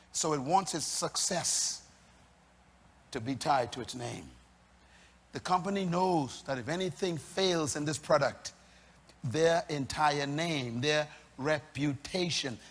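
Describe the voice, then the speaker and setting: Man, preacher, sermon, slow deliberate delivery, animated, forceful tone. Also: on the high side. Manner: emphatic, teasing the audience, repeating key phrases. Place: church before a congregation. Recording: long hall reverb.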